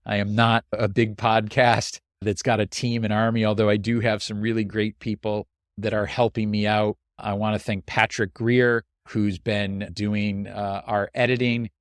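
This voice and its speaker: A man's voice: on the low side, flat delivery, no room sound. A man hosting his own podcast, talking in an earnest, heartfelt way as he reflects on the past year. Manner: earnest, heartfelt, slow and deliberate. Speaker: podcast host and coach. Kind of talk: reflective solo podcast monologue.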